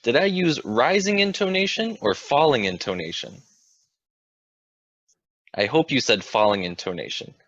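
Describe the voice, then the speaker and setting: A man's voice: mid-range voice, sing-song, moderate pace, pauses often, a bit bright, dry recording, dull audio. A man teaching an English grammar lesson, explaining patiently and asking the viewer questions.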